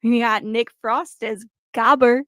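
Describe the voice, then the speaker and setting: Calm, matter-of-fact woman co-host. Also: fairly high pitch, unhurried, no echo, clean studio sound. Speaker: podcast co-host. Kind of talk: casual movie review chat.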